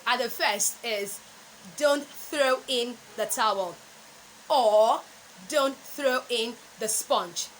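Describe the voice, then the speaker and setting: A woman with a Nigerian English accent, a speech training coach teaching pronunciation and repeating words slowly for emphasis. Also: on the high side, a bit bright, a little hiss or hum, poor audio. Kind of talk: pronunciation lesson.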